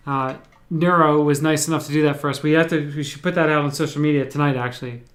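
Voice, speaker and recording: A man's voice: on the high side, fairly even intonation, fast talker, fairly bright tone. Laid-back New man. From New Jersey, USA. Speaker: livestream host. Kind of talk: casual livestream chat, reading viewer comments.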